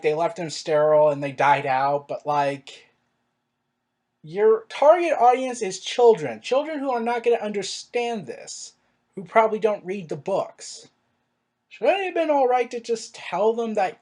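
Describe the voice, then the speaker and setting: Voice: medium pitch, expressive, normal speed, darkish tone. Exasperated rambling reviewer. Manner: exasperated rhetorical questioning; rambling with filler words and restarts. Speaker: show reviewer. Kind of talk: casual review monologue.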